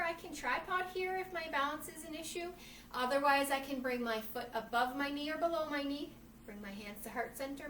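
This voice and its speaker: A woman's voice: high-pitched, a little hiss or hum. A young woman teaching children's yoga and reading a storybook aloud, cheering the children on as friends. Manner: encouraging, addresses kids as friends, acts out the story's shouts. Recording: echoey room from some distance.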